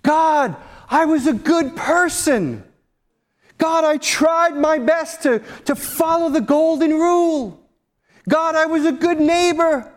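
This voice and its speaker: A man voicing a sobbing lost soul who pleads with God in a high, wailing voice. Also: slow pace. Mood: anguished pleading.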